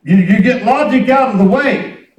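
A man's voice: very high voice, normal speed, echoey room, far from the mic, muffled recording. A man preaching a sermon in a folksy storytelling way, acting out conversations. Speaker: pastor. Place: church hall.

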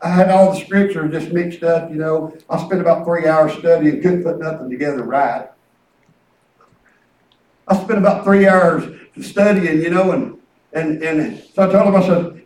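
A man's voice: a little high, normal speed, darkish tone. A man preaching a fervent, folksy sermon, mixing humor and repetition. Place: church sanctuary. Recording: echoey church, mic at a distance.

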